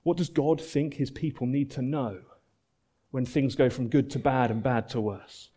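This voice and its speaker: A man preaching a sermon, earnest and emphatic, repeating phrases and dropping to soft, low endings. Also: steady tone, moderate pace.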